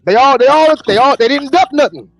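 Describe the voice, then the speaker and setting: A man from Texas in a casual boxing chat, halting and repeating words as he ranks fighters. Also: very high voice, animated, gravelly, soft background music. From Galveston, Texas. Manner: halting, repeats words while ranking boxers. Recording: dull lo-fi call audio with faint noise.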